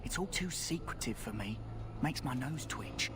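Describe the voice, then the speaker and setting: A cocky young recruit and sly thief in a fantasy video game, voiced by a man talks in a joking, conspiratorial way. A crowd murmurs clearly behind him. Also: mid-range voice, lively intonation, moderate pace, close to an everyday voice.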